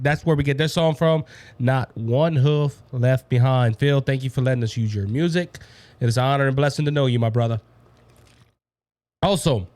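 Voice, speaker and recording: A man with a Cajun accent hosting a political commentary show, fired up and preachy, addressing listeners as ladies and gentlemen. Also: a little high, dry recording. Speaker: talk show host.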